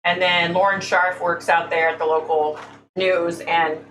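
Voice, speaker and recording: A woman's voice: fairly low pitch, flat delivery, a little slow, fairly bright tone. A woman hosting a casual livestream, talking bluntly and speaking her mind. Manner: blunt, opinionated, says "y'all". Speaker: livestream host. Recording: echoey room, faint hum, mic at a distance.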